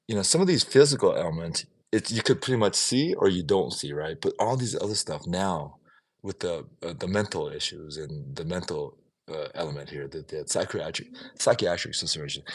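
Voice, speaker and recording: A man's voice: low voice, husky. A man ranting in an opinionated, casual way on a livestream, swearing now and then. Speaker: livestream vlogger.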